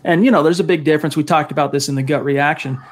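A man's voice: a little high, fairly even intonation, fast talker. A man hosting a sports talk show, talkative and often restarting his sentences. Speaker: sports podcast host.

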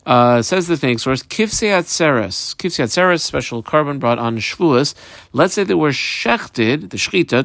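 A man's voice: medium pitch, creaky, a bit bright, no echo. Man teaching a Talmud page, dry sound. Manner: explains Aramaic text phrase by phrase with many fillers. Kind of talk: daf yomi lesson.

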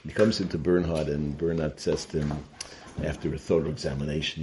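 Guy w a really low voice giving a torah talk, tells stories, drops yiddish words. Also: flat delivery, brisk, noisy background. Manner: storytelling, sprinkles Yiddish and Hebrew terms. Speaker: Torah teacher.

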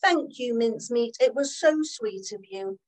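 A woman's voice: a little high, animated, unhurried, a little mellow, poor audio. A woman voicing a doting elderly great-grandmother who speaks fondly and sweetly.

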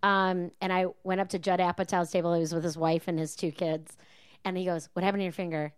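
A woman's voice: on the low side, brisk, smooth, no echo, clean studio sound. A woman telling stories in casual podcast chat, often acting out the people in them. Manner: animated storyteller who acts out customers.

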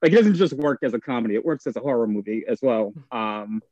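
A man's voice: mid-range voice, animated, quick pace, darkish tone, no room sound, dull audio. A man in a panel discussion who lays out his ideas thoughtfully, hesitating with frequent fillers. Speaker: podcast panelist. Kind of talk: casual discussion.

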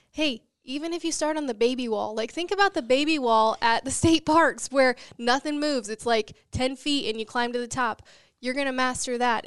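A young woman talks as an interview guest in an earnest, motivational way. Her voice is smooth and a little high, and it sounds close and dry, with no room echo. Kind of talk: interview conversation.

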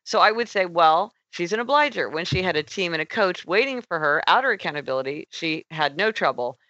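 A woman author, a guest in an interview, explaining her ideas in a brisk, articulate way. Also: fairly low pitch, animated, bright, forceful tone, dry recording, dull audio.

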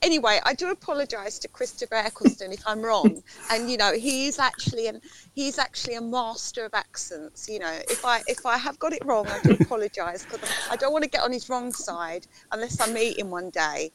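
A woman's voice: on the high side, lively intonation, fairly quick, fairly bright tone. A woman on a podcast panel chatting casually, rambling and joking while she searches for names. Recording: noisy line with clicks.

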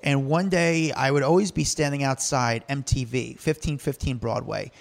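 Gravelly-voiced man telling animated anecdotes. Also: mid-range voice, normal speed. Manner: animated anecdotes, acts out quoted lines, laughs often. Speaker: guest telling stories. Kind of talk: casual storytelling chat.

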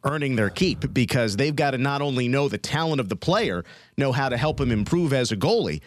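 A man analysing coaching in a sports panel chat, explaining his points in a measured way. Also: mid-range voice, expressive, no echo.

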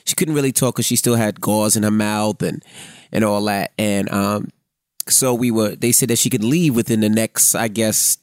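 A man's voice: fairly low pitch, fairly even intonation, normal speed, a little mellow, no room sound, studio quality. A middle-aged man co-hosting a podcast, chatting casually, cracking jokes and often answering with "right" and "correct.". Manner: joking, backchannels with "right" and "correct". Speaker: podcast co-host, radio host. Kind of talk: casual storytelling chat.

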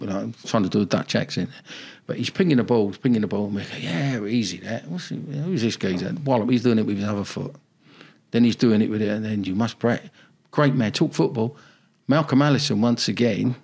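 Older man with a gravelly voice. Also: fairly low pitch, darkish tone. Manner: rambling, anecdotal, nostalgic. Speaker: football manager guest. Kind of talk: casual interview chat.

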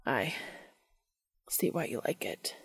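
A woman voicing a calm, earnest male angel who talks softly and breathily in formal phrases. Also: on the low side, moderate pace, creaky, slightly rough, full character voice. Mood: breathless.

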